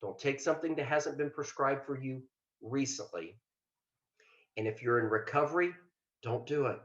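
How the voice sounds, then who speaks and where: A man's voice: mid-range voice, moderate pace. An older man from Ohio, a retired state trooper, giving a plainspoken, earnest talk on self-care with self-deprecating asides. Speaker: mental health liaison, former state trooper. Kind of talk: webinar presentation. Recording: roomy, dull lo-fi sound.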